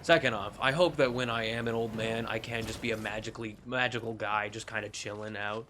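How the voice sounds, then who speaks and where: A guy streams a shooter game with loose, joking commentary, cursing freely, laughing a lot, and yelping with excitement whenever the game swings. His voice sits fairly low and moves fairly quickly, with a noisy background behind him.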